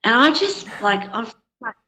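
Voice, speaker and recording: A woman's voice: on the high side, sing-song, measured pace, bright, forceful tone. A woman guest candidly telling a personal story in conversation, frank and unpolished, with plenty of filler words. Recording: dull, lo-fi sound.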